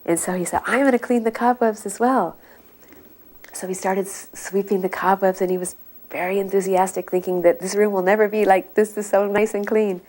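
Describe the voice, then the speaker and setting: A woman devotee recounting memories in relaxed, meandering anecdotes. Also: mid-range voice, brisk.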